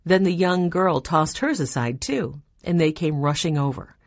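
Low-voiced woman reading a children's story. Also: moderate pace, no echo, clean studio sound. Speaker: narrator. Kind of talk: audiobook narration.

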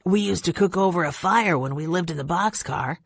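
Woman doing a sensible teen boy from a storybook, matter-of-fact, low voice. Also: fairly quick, gravelly, breathy edge, no room sound, clean studio sound. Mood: curious.

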